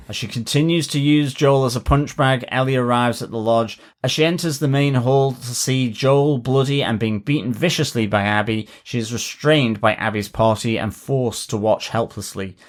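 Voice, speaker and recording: A man co-hosting a TV review podcast, reading a plot recap and then chatting with wry asides. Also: mid-range voice. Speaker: podcast co-host.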